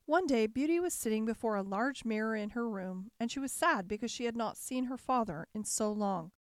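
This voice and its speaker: A woman narrating a classic fairy tale in a calm, measured storybook reading. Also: on the high side, dry recording, studio quality.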